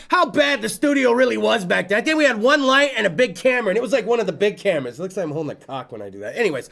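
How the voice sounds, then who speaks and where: A man hosting a casual late-night talk show, loud and profane, swinging between yelling and muttering. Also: high-pitched, sing-song, rapid-fire, creaky, hardly any pauses. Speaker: host.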